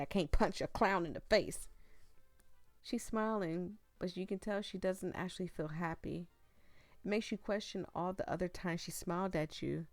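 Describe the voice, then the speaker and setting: A woman hosting a gaming video who reads a story game aloud and reacts live, with an emphatic, slangy manner that gets loudly worked up. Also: fairly low pitch, no room sound.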